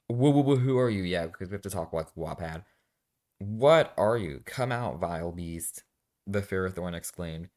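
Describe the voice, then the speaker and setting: A man with a low voice reads a fan story aloud in a comedic way. He keeps stopping to mock the writing with dry, sarcastic remarks, and his tone stays deadpan. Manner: sarcastic, deadpan asides between dramatic readings. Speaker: reaction video host. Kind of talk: comedic fanfic reading with commentary.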